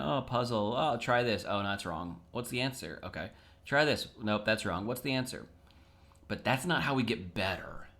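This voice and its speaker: Solving puzzles on camera, this chess creator casually thinks out loud in a low-ish male register. His manner is chatty and self-talking, plain and everyday, a relaxed video host.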